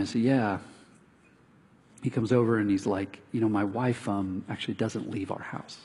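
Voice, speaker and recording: The sermon comes from a middle-aged pastor whose voice is on the low side, fairly quick, and slightly rough. His storytelling is animated, with the people in it, his neighbors among them, given their own acted-out lines, all in a reverberant hall.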